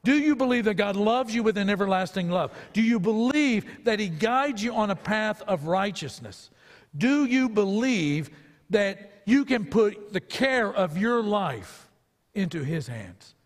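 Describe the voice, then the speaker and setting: A man delivers a sermon from the pulpit in a fairly high, clear voice. He speaks earnestly and presses his listeners with rhetorical questions. The sound hangs in a reverberant sanctuary. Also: expressive, unhurried. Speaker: pastor.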